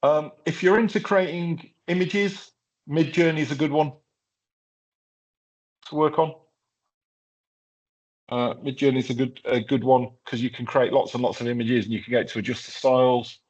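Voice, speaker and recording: A man's voice: mid-range voice, fairly even intonation, normal speed, pauses often, a little mellow. A man presenting a hands-on workshop, talking casually through a live tech demo with lots of fillers and restarts. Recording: slightly dull lo-fi sound.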